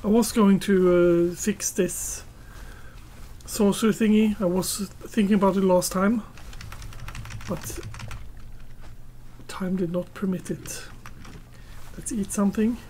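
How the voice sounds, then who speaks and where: Woman, game commentator, slow, mellow tone, talks to herself and her pets. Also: mid-range voice, fairly even intonation, slight background noise. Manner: unhurried, muttering to herself and chatting to her tamed pets. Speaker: gameplay commentator. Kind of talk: casual gameplay commentary.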